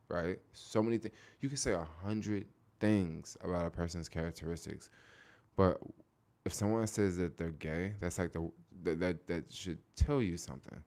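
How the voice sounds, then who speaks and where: A man with a low, darkish American voice hosts a casual livestream, chatting with his viewers. He is repetitive, restarting phrases and drawing out words for emphasis.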